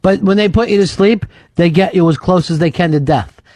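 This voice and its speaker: High-voiced, profane radio host man. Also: a little fast, no echo. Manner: profane, storytelling, excitable. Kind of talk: casual talk radio chat. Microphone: studio mic.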